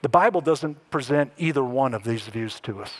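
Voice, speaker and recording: A man preaching a sermon as a pastor, conversational with wry asides and lively emphasis. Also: mid-range voice, moderate pace.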